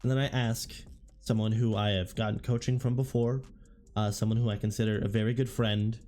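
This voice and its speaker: A hoarse man casually recounting events in a relaxed, rambling way with frequent restarts. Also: on the low side, fairly quick, soft background music. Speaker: tabletop wargame content creator. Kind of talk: relaxed spoken recap.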